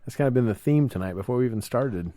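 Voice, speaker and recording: A man's voice: mid-range voice, lively intonation, fast talker, mellow, no echo. A man in a casual podcast chat who is easygoing and chimes in with encouraging remarks. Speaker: podcast co-host setting up the recording.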